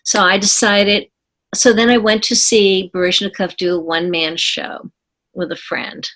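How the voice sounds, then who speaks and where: A woman in her seventies, a former ballerina, telling her story in an interview with earnest, unhurried speech and thoughtful pauses. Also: medium pitch, level tone, a bit bright. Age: 70s.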